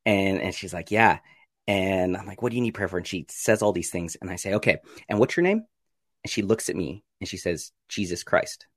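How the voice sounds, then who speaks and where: A man, a podcast guest, telling his story in a casual interview, acting out his own reactions with sudden jumps in pitch and frequent laughs. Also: lively intonation, a little fast, breathy edge, no room sound, studio quality.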